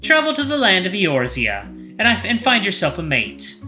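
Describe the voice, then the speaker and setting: Stern regal lioness queen, formal and commanding, high and bright; man in the role. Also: huge pitch swings, normal speed, soft background music, exaggerated voice.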